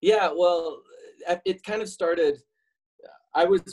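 A man's voice: high voice, slow, darkish tone, low-quality recording. A man in his forties, a podcast guest, chatting casually and telling jokey, self-mocking stories. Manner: joking, self-mocking storyteller. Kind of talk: casual interview chat.

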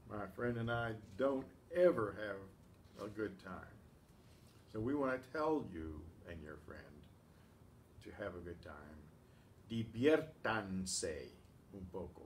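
A man teaching a class, speaking slowly and patiently and clearing his throat often. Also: medium pitch, darkish tone, slight background noise. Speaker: Spanish teacher. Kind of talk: class lesson.

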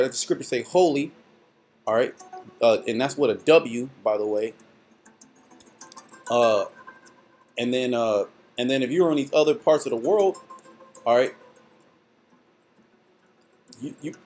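Brief: male preacher, mid-pitched, fiery and blunt delivery, faint music underneath. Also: darkish tone. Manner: fiery, emphatic, rough-spoken. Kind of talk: preaching with scripture reading.

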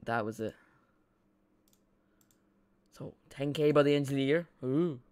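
A young man with an Irish accent, talking casually over a live football match. He rambles from one thought to the next and gets excitable when the play catches his eye. His pitch sits in an ordinary middle range. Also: unhurried, clear, resonant tone. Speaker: streamer. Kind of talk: live football watch-along chat.

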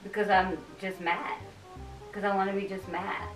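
A woman's voice: mid-range voice, little pitch movement, moderate pace, distant mic. Stubborn woman in a roomy bedroom. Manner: stubborn, repeats that she is mad. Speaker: vlogger pranking her partner. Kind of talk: casual couple prank vlog. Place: bedroom at home. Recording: roomy, off-mic, music underneath.

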